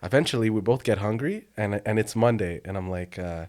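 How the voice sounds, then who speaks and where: Low-voiced young man telling lively stories. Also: fairly quick. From Quebec, Canada. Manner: animated storyteller, acts out quotes, laughs often. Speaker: music producer, guest. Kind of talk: casual podcast chat.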